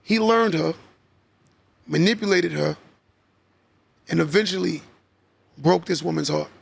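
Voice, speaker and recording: On his podcast, a host with a high, gravelly voice delivers a sermon-style motivational talk at a slightly slow pace, repeating himself and asking "right?" for emphasis. The recording is close and dry, with no room sound.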